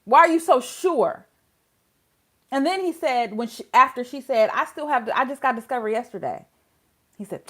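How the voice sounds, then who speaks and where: A woman hosting a casual legal commentary vlog, talking bluntly and swinging from loud outbursts to quiet asides. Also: high-pitched, lively intonation, normal speed. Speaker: host of a legal commentary channel.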